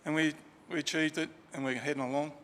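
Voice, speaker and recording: A man's voice: on the high side, fairly even intonation, fast talker, a bit bright, a little hiss or hum. A man telling a chatty, informal story about a friend at a funeral in a crematorium chapel, with fillers and restarts. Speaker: funeral eulogy speaker. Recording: reverberant chapel, faint ambience.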